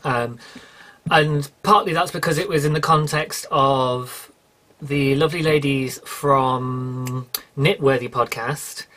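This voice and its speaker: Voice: mid-range voice, steady tone, slow pace, fairly bright tone. British solo podcaster, chatty, rambling, self-correcting. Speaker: podcast host. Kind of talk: casual solo podcast chat.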